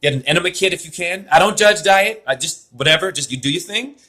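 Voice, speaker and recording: A man's voice: high voice, expressive, fast talker, sharp tone. A man giving a spiritual name reading over a video call, talking in an effusive, rambling way full of wordplay.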